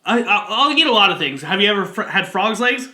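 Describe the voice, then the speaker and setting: A man's voice: sits high, expressive, fast talker, sharp tone, echoey room. A man co-hosting a podcast, trading crude jokes and laughing often. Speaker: podcast co-host. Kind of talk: crude comedic banter.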